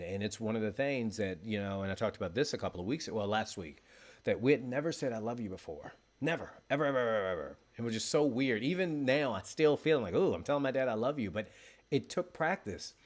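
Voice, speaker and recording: A man's voice: lowish voice, lively intonation, a little fast. A man giving an earnest, encouraging motivational monologue, speaking straight to the listener as a motivational speaker.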